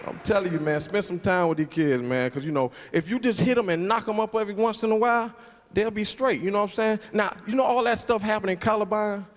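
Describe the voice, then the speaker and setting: A man's voice: high voice, quick pace. A man performing a stand-up routine on a club stage, telling stories and acting out the people in them. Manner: animated storytelling, acting out characters. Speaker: stand-up comedian. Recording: roomy hall with loud crowd noise. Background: audience laughter.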